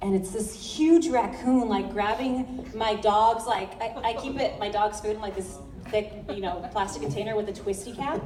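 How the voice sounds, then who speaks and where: A woman's voice: mid-range voice, normal speed, few pauses. A woman from Los Angeles, a convention panel guest, telling chatty, giggly stories full of fillers. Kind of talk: animated storytelling at a fan panel. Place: large convention hall. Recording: echoey hall from far off, loud crowd noise.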